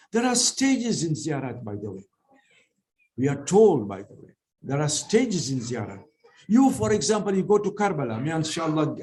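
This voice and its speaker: High-voiced man giving a sermon. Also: warm tone. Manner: didactic, asks questions then answers them. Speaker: religious lecturer.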